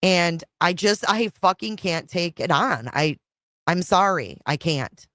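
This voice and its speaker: A woman's voice: on the low side, animated, slow pace, a bit bright, no room sound, studio quality. A middle-aged woman hosting a casual livestream chat, frustrated and rambling, repeating herself and swearing. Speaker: livestream host.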